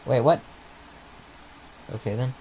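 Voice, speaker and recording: A man's voice: medium pitch, takes it slowly, warm tone, a little hiss or hum, low-quality recording. A man hosting an informal live stream, rambling and muttering to himself as he waits for updates, sounding sleepy. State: sleepy, yawning. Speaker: livestream host. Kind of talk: casual live commentary.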